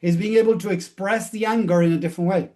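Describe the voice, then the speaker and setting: A man's voice: sits high, steady tone, quick pace, mellow. A man speaking as a mindset coach in an explanatory motivational talk, walking through what happens in his one-on-one sessions and retelling them as quoted dialogue.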